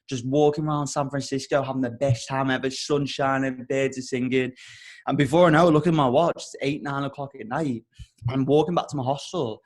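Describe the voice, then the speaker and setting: A young podcast host with a mid-range voice tells a rambling story, animated and casual, swearing often.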